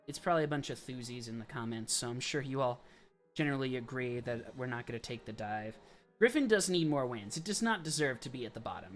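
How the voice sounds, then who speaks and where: A young man talking casually on a livestream, his voice at an ordinary middle pitch. He chats his way through quick verdicts, tossing in asides and short laughs. Soft music plays faintly behind him. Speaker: livestream host. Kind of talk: casual live-stream commentary.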